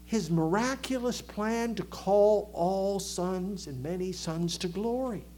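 A man preaching a sermon with a Southern American accent, animated, acting out crowd voices and dropping to a hush for emphasis. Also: high-pitched, takes it slowly, slight background noise. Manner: animated, acts out crowd voices, swings from loud to hushed. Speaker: pastor.

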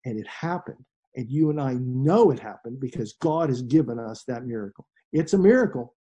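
A middle-aged male pastor preaching a sermon in an earnest way, dropping to a hush and then rising to emphasis. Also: medium pitch, lively intonation, moderate pace. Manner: earnest, shifts between hushed and emphatic.

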